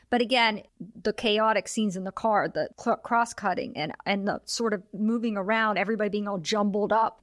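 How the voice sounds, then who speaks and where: A woman's voice: mid-range voice, no echo, clean studio sound. A woman co-hosting a film podcast, chatting casually as she retells scenes and quotes the characters. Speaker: podcast co-host.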